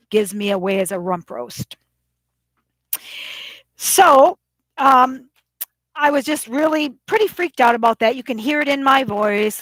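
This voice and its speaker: A woman vlogger with a slightly high, somewhat bright voice and no echo rants casually about a phone call. She rambles in an agitated way, often quoting both sides of the conversation.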